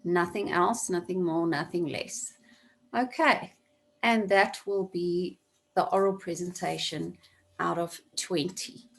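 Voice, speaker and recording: A woman's voice: lowish voice, slow pace, gravelly. A woman teaching an online class over a video call, explaining a task step by step and repeating key points for emphasis. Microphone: computer mic on video call.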